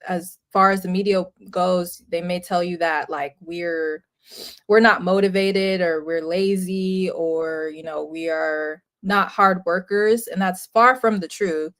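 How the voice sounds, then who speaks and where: A young woman guesting on a casual podcast, talking in a relaxed, conversational way with lots of filler words. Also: fairly low pitch, slow pace. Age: young adult. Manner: relaxed and conversational, peppers speech with "like".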